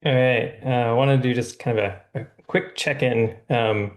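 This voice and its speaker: A man's voice: mid-range voice, fairly even intonation, normal speed. A man giving a hesitant personal check-in on a video call, with many fillers as he searches for words. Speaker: participant.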